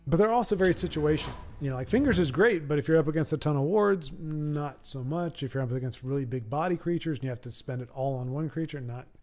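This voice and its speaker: A man casually commenting on his card game during a live stream, explaining strategy with quick asides. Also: a little high, a little mellow, faint music behind.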